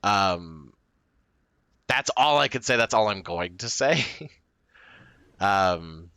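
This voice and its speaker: Rambling male streamer, lively pitch. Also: slow pace, clean tone, dry recording. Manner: rambling, self-deprecating, lots of fillers and restarts; breaks into short laughs. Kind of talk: casual chat to stream viewers.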